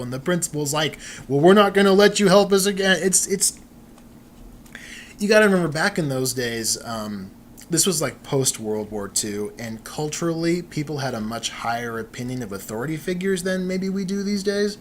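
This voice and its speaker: A man's voice: on the high side, normal speed, a bit bright, slight background noise. A man hosting a show, giving an off-the-cuff, amused comic book reading with chatty commentary. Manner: amused, chatty, laughs now and then. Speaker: podcast host.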